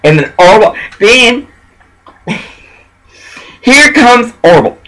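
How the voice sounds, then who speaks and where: A man delivers a rambling, preachy monologue in a slow, unhurried way. His voice sits high and swoops widely in pitch, with a bright, husky edge. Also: big pitch swings, low-quality recording. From Texas. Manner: preachy, meandering, emphatic.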